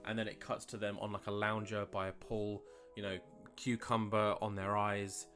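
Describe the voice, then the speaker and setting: Chatty man over soft guitar. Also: fairly low pitch, little pitch movement, moderate pace. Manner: chatty, rambling, many fillers. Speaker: let's play host. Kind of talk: casual game commentary. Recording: faint guitar music behind.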